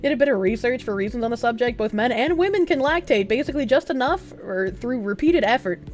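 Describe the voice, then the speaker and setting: Bubbly high-voiced Boston woman. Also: quick pace, soft background music. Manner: animated, laughs often, crude jokes. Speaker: streamer. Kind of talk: casual chat, reading chat aloud.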